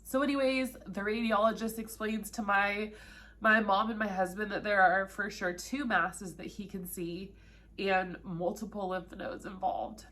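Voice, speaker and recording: A woman's voice: mid-range voice, fairly even intonation, unhurried, a bit bright. A woman in her thirties telling her own story to camera in a candid, conversational way that is often emotional. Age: 30s. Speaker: vlogger sharing her own cancer story.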